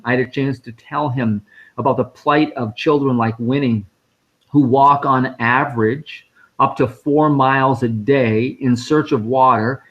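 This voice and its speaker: In a mid-range, slightly bright voice, a guest speaker at a fundraising live stream recounts something that happened to him. The man's telling is casual and colorful, with the other people's lines quoted directly.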